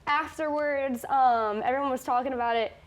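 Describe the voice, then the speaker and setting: A young woman with a high, bright-pitched voice co-hosts a student campus show. She chats casually and giggles often, stumbling through ums and restarts. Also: normal speed. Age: young adult. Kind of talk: casual chat.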